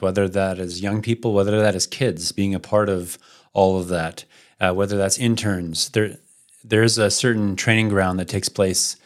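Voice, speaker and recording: A man with a somewhat low voice hosts a casual conversation about church life. He asks his questions thoughtfully and sums up the discussion in a steady way. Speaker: podcast host.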